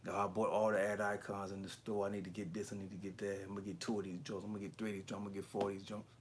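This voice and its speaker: A man imitating a greedy male collector who buys up every figure in the store, in a low mumble. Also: flat delivery, very fast, a little hiss or hum, natural voice. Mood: mocking.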